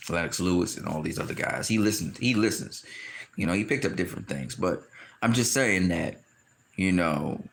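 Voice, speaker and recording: A man giving a casual, animated boxing opinion rant, often laughing and acting out quotes in high shouted voices. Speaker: boxing commentator.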